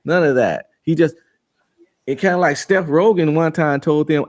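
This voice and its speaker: A man co-hosting a podcast in casual chat, slangy and opinionated, quick to agree. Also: a little high, lively intonation. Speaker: podcast co-host.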